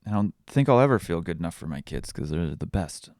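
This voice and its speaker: A man's voice: low voice, expressive, fairly quick, a little mellow, no room sound, clean studio sound. A young man hosting a podcast, telling candid, self-deprecating stories in a confessional, casual way. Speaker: podcast host. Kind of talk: casual personal podcast talk.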